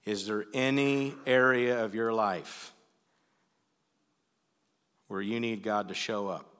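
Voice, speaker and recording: A man preaching a sermon as the pastor, earnest and pleading, sometimes pushing to loud emphasis. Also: fairly low pitch, fairly even intonation, slow, clear, resonant tone, in a large hall. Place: church sanctuary.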